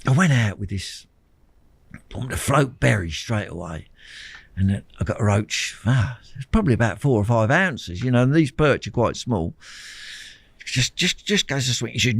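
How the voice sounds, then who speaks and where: An older man, a champion angler telling anecdotes in an interview, animated, repeating words and laughing often. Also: mid-range voice, moderate pace, creaky, slightly rough, no echo. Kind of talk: storytelling interview chat.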